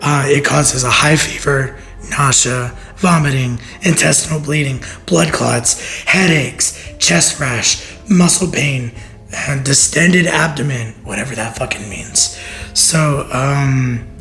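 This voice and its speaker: A man co-hosting a podcast in casual chat, joking and rambling with plenty of swearing, his voice hoarse and half gone. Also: mid-range voice, takes it slowly, sharp tone, soft background music. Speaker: podcast co-host.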